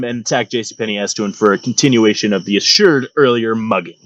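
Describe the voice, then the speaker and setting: A man's voice: on the low side, fast talker, hardly any pauses, a bit bright, no echo. A young man hosting a comedic storytelling monologue, mock-grand and sarcastic in his telling, recorded close on a dry mic. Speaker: storytelling channel host.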